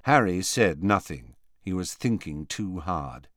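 Low, lively male audiobook narrator. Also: measured pace, no echo, clean studio sound. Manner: expressive storytelling. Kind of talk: scripted narration.

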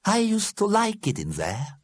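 A man's voice: high-pitched, wildly swooping pitch, slow, breathy edge, no room sound, voice pushed up, full character voice. A man doing a wistful old ghost thinker. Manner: soft and wistful, careful.

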